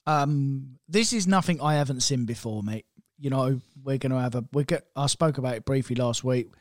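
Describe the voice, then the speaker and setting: A man's voice: medium pitch, moderate pace, no room sound, clean studio sound. A man who sells cars, co-hosting a podcast in a blunt, matter-of-fact way and often saying "mate". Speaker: car salesman, podcast co-host. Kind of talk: casual chat.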